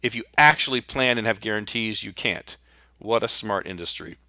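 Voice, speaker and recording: A man's voice: lowish voice, moderate pace, sharp tone, no echo, clean studio sound. A man hosting a podcast, delivering a fired-up, blunt and sarcastic solo monologue. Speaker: podcast host and retirement planner.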